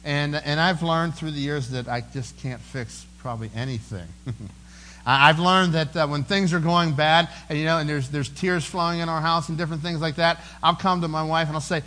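Earnest preaching man, slightly high voice. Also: brisk, bright, forceful tone, rough recording. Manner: earnest, conversational preaching with fillers and repeats. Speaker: pastor. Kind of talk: sermon.

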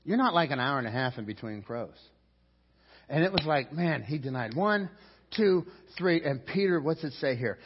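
A man preaching a sermon as pastor, animated, acting out quotes and asides. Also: fairly high pitch, normal speed, slight background noise. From Pittsburgh. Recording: dull recording in a reverberant hall.

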